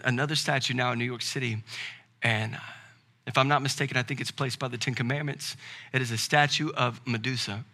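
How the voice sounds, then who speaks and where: A pastor with a Southern accent raises his sermon to loud, insistent preaching and then lets it fall quiet. His voice sits in the mid range.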